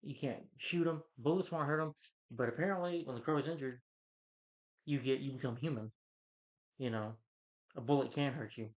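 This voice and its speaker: A man talking through a movie review in a loose, rambling rant, heavy on fillers, restarts and swearing. His voice sits at a middle pitch. The recording is a little dull and lo-fi. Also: normal speed, long pauses. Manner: rambling, casual and profane, with many fillers. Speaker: film reviewer.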